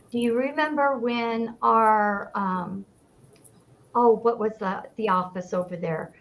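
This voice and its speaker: A woman's voice: on the high side, fairly bright tone, poor audio. An older woman hosting an interview chat, hesitant and searching for words. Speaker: host.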